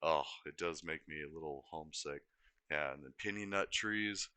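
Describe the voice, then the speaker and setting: A man's voice: extremely low pitch, normal speed, pushed and bright, clean tone, no echo. A young man from Colorado chatting casually on a live stream, rambling and easily sidetracked as he corrects himself. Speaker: livestreamer.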